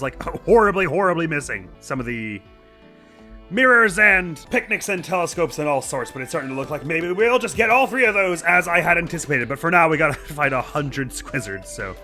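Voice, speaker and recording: Bright-voiced man doing chatty game commentary. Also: a little high, big pitch swings, a little fast, soft background music. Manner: chatty and self-deprecating, laughs often. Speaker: let's play host. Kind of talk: casual gameplay commentary.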